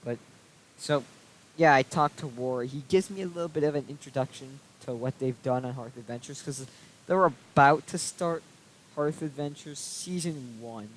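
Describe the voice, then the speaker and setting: A man's voice: mid-range voice, normal speed, slight background noise, rough recording. A young man vlogging a casual storytime rant, aggrieved and swearing freely as he recounts a falling-out. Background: soft background music.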